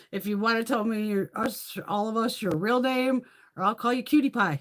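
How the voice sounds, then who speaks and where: A woman's voice: on the high side, fairly even intonation, moderate pace. A middle-aged woman hosting a casual beauty livestream, chatting freely, swearing often and laughing between thoughts. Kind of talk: casual live chat.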